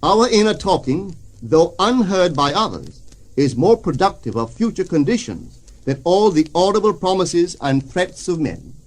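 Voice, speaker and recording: A man's voice: high-pitched, big pitch swings, normal speed. Solemn man reading a spiritual text. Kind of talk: reading a spiritual lecture aloud.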